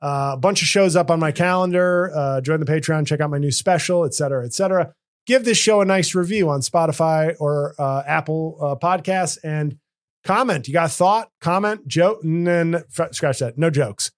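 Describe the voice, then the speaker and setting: A man's voice: a little high, normal speed. A man hosting a comedy podcast, talking casually in rambling, self-interrupting runs with joking asides. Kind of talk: casual chat.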